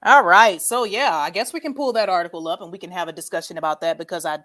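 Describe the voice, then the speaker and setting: Lively, laughing woman livestream host. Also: on the low side, fast talker. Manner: animated, laughs often, says "y'all". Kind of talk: casual chat, reading viewer comments.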